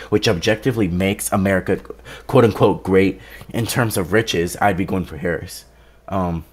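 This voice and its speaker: A man delivering a casual opinion rant for his channel, rambling, sarcastic and often correcting himself. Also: deep voice. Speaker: political commentary vlogger.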